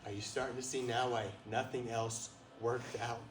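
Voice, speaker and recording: Lively storytelling man, echoey room. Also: mid-range voice, moderate pace, hardly any pauses. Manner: animated storyteller, laughs often, asks the audience questions. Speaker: guest speaker at a retreat. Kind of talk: storytelling talk to an audience. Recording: roomy, distant, faint noise.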